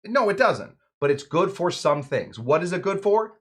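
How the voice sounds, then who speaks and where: A man's voice: sits high, sing-song, normal speed, hardly any pauses, a bit bright. Playful man hosting a cocktail show. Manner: playful, jokey, rambling asides. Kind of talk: casual chat while mixing drinks.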